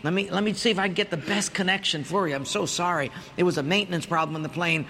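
A patient ticket agent answers calmly and apologetically in a soft, quiet voice, as a man puts her on. Her tone stays gentle and unhurried. The long reverb of a large hall surrounds her words. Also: high voice, vocal fry, voice pushed down, heavily acted. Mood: soothing.

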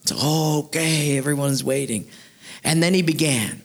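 Animated man preaching a sermon. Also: medium pitch, normal speed, gravelly. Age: 30s. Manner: animated storyteller, acts out voices. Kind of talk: storytelling sermon.

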